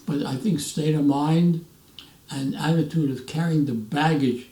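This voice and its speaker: A man in his nineties, a veteran, telling animated stories in an interview and acting out the voices of others. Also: on the high side, unhurried. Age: 90s. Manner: animated storyteller, acts out quoted voices, restarts often. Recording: roomy echo, mic at a distance.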